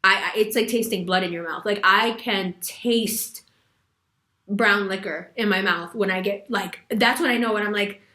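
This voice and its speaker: A woman's voice: medium pitch, normal speed, sharp tone. Tarot lady talking straight, slangy and emphatic, laughs a lot, echoey room. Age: adult with a son. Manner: laughs often while talking. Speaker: tarot reader. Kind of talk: casual tarot reading monologue.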